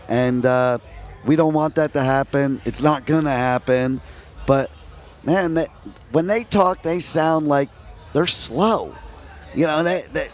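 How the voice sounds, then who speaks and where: An American man from New York and New Jersey, interviewing a band outdoors at a music festival in a chatty, joking way. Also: mid-range voice. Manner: chatty, jokey, laughs between stories.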